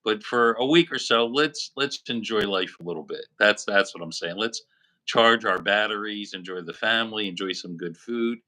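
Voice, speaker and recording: A man's voice: on the low side, moderate pace, pushed and bright. A man co-hosting a livestream, laid-back and agreeable, often repeating himself. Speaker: co-host. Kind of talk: casual livestream chat.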